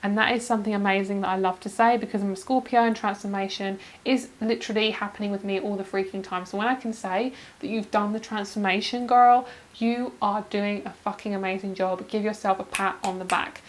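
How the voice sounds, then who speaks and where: A woman reading tarot cards to camera in an effusive, gushing way, close to tears with emotion. Her voice sits at a middle pitch, and she swears casually between bursts of laughter. She chats to her viewers like close friends. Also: little pitch movement, fairly quick, poor audio. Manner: calls viewers girl and you guys. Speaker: tarot card reader.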